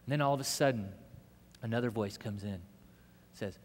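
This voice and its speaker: A man preaching a sermon, telling a story with animation and swinging between loud bursts and hushed moments. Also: mid-range voice, fast talker. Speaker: pastor. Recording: echoey hall reverb.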